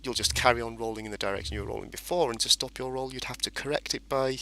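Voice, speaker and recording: A man's voice: medium pitch, fairly even intonation, quick pace, vocal fry, bright, forceful tone, a little hiss or hum. A man casually commentating a space game as he plays, rambling and explaining each step. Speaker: gameplay commentator. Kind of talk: casual let's-play commentary.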